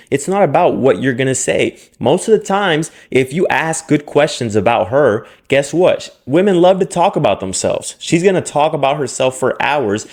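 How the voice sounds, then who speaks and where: A man's voice: medium pitch, very animated, normal speed, few pauses, a little mellow. A man giving blunt dating advice straight to camera, talking in slang and jumping into mocking impressions of other guys. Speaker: dating coach. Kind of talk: direct-to-camera advice monologue.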